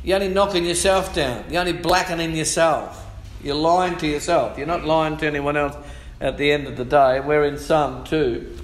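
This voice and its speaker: High-voiced preacher in echoey church. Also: male voice. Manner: lively preaching, calls for amens, reads scripture aloud. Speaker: pastor. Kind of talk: sermon. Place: church hall.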